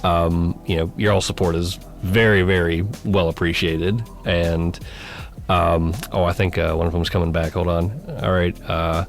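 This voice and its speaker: A man with a lowish voice chats loosely on a podcast, rambling between jokes and bursts of laughter. Faint music sits under the talk. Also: little pitch movement, normal speed, vocal fry. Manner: jokey, rambling, laughs often. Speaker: podcast co-host. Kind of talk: casual chat.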